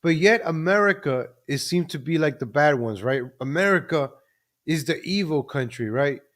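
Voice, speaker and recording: Man, live stream host, ranting commentary, fairly high voice. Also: animated, moderate pace. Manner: ranting, repeats ladies and gentlemen.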